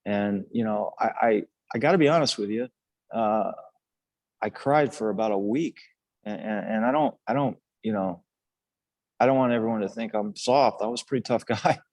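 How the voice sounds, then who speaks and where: An older man speaks on a podcast in a low, dry close-mic voice. He rambles earnestly through his story, restarting phrases and leaning on fillers as he goes. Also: moderate pace, a little mellow, dry recording. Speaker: podcast guest, former national team player. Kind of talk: casual storytelling interview.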